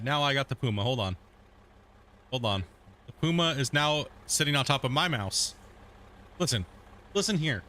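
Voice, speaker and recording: A man's voice: medium pitch, expressive, normal speed, pauses often, sharp tone. A man streaming a game from his home desk, chatting casually and saying dude a lot while he coos at his cat. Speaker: gaming streamer. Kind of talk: casual live-stream chat. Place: home gaming room. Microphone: desk mic at a gaming setup.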